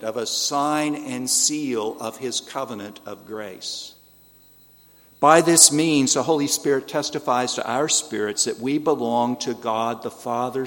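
In a large hall, a pastor preaches a sermon in a mid-range, fairly bright voice. He pleads earnestly, putting rhetorical questions to his listeners.

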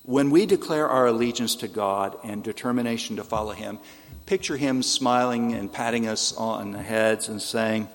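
A man's voice: medium pitch, normal speed, long reverb tail. A man preaching a sermon in an earnest, pleading way, asking the listeners rhetorical questions. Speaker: pastor.

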